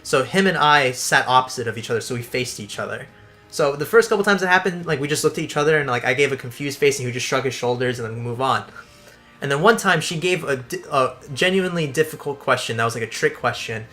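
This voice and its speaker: A young man hosting a casual gameplay video, telling a school story in an animated way, swearing and laughing along. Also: medium pitch, fast. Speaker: let's play host. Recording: faint background game music.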